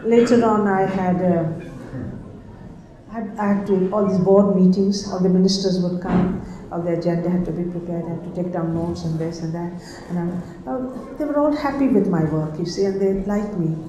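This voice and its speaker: An older woman reminiscing about her past in a halting, casual way, repeating words and laughing often. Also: lowish voice, highs cut off, background noise. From India. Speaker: storyteller recalling her past. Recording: very echoey room.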